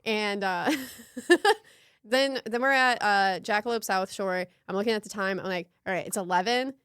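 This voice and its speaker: A woman's voice: medium pitch, normal speed, fairly bright tone, clear, resonant tone, no room sound, clean studio sound. A young woman co-hosting a casual comedy podcast, telling rambling stories with trailing sentences and lots of "like". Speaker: podcast co-host.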